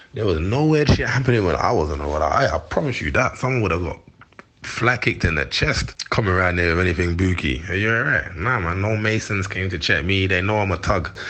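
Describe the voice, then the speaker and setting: A London man in his forties speaks as an interview guest, his voice deep but forceful and bright-edged. He talks in heated street slang, quick to laugh. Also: breathy edge. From London, England. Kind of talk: candid interview chat.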